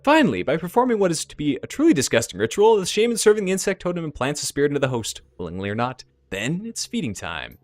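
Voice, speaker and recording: A man's voice: on the high side, fast, few pauses, no echo, voice pushed up. A man doing a theatrical elf lecturer. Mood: gleeful. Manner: theatrical, excited, explaining.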